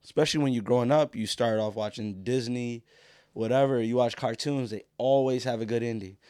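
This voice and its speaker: A man's voice: mid-range voice, brisk, a little mellow, clean tone, no echo, clean studio sound. A young man in casual podcast chat, laughing a lot, talking in crude slang and acting out quoted voices.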